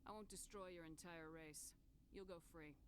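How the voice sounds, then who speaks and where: A woman's voice: on the low side, fairly even intonation, normal speed, close to an everyday voice. A woman playing a stern female military commander who asks direct, firm questions, with a faint hum behind.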